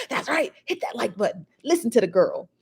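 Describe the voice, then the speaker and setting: A woman's voice: a little high, big pitch swings, a little fast, husky. A woman hosting a live gossip show, chatting casually, greeting viewers by name and laughing often, seated at home on a built-in device mic. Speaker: livestream gossip show host. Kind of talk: casual live-chat talk. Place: seated at home in a squeaky chair.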